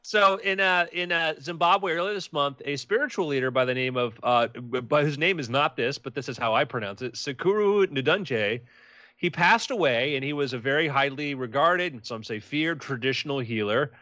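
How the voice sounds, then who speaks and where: A man's voice: medium pitch, brisk, few pauses, sharp tone. A man co-hosting a podcast, chatting casually, rambling through stories and acting out quotes. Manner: rambling storyteller, acts out quotes. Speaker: podcast co-host. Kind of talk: casual chat. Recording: dull lo-fi sound.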